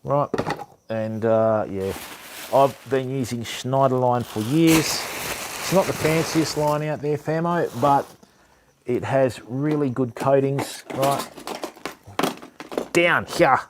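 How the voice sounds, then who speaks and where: A man's voice: mid-range voice, fairly even intonation, slow pace, pauses often, background noise. A middle-aged man, chatting casually and cracking jokes to his mates while sorting his fishing gear. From Australia. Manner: chatty, joking asides to friends. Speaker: fishing channel host.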